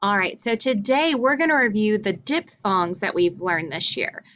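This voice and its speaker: A woman teaching a recorded phonics lesson for children, drilling letter names slowly and deliberately. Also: mid-range voice, animated, fairly bright tone.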